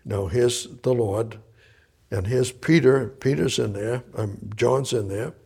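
A man preaching, reading scripture verse by verse and explaining it, moving between loud emphatic bursts and hushed quiet passages. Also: medium pitch, slow pace, vocal fry, slightly rough. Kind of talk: verse-by-verse Bible teaching.

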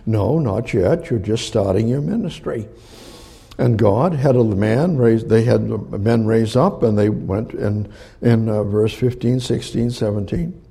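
An older man preaching a sermon as pastor, with a gravelly voice, acting out crowd quotes. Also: lowish voice, measured pace, warm tone.

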